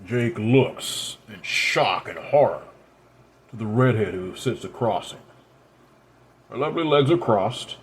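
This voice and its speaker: A man narrating a dark fantasy story in a soft, low-key reading voice. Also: animated, unhurried, pauses often, slight background noise.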